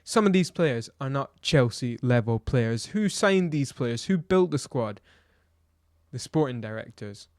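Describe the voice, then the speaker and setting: In an unhurried, mid-range voice with lively intonation, a man reviews a football match for his vlog, captured in a dry, studio-quality recording. He's blunt and exasperated, ranting and throwing out rhetorical questions.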